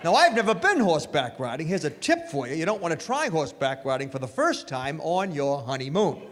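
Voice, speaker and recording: A man doing stand-up comedy on stage, animated and acting out voices. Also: on the high side, a little fast. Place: stage in a hall. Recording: live stage hall reverb.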